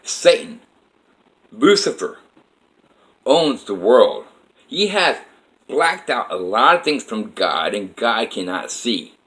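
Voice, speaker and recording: A man's voice: mid-range voice, big pitch swings, slow, long pauses, fairly bright tone, poor audio. A man telling a personal story in a rambling, emphatic way with many fillers.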